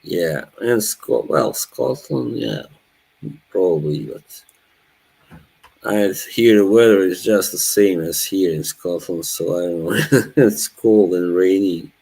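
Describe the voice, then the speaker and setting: A man's voice: low-pitched, slow, vocal fry, warm tone, breathy edge, poor audio. A man, chatting casually with his live chat as a streamer, laughing often. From Bosnia. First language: Norwegian. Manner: laid-back, laughs often, chats to viewers.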